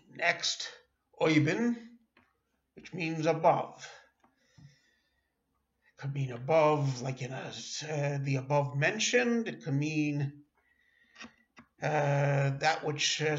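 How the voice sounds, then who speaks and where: A man's voice: on the high side, slow pace, long pauses. A man teaching a language lesson, speaking patiently with hesitant fillers and correcting himself as he goes. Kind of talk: slow spoken language lesson. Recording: echoey room, dull lo-fi sound.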